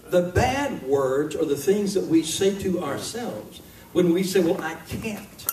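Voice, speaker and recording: A man preaching a sermon to his congregation in a conversational, emphatic way, with pauses for effect. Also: high-pitched, very animated, mellow. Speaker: pastor. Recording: echoey hall recording from far off.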